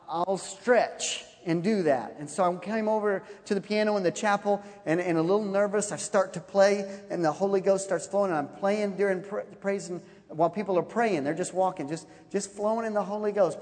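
A man preaching a sermon, telling a personal story with animated, laughing delivery. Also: high-pitched, fairly quick, few pauses. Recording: long hall reverb.

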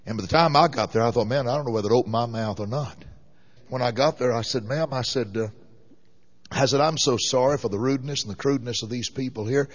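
A man's voice: mid-range voice, fast. A man preaching a sermon, telling a folksy story that rises into fervent exhortation. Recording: muffled lo-fi recording.

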